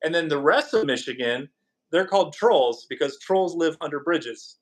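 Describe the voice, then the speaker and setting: Male streamer, somewhat high voice, loose and rambling, jokes with his chat. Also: expressive, normal speed. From California. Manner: rambling and jokey, reacting to chat. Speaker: podcast host. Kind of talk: casual live-stream chat.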